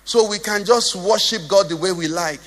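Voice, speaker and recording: A man's voice: sits high, normal speed, long reverb tail. A Nigerian man preaching a sermon as pastor, joking and asking the congregation questions. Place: church hall.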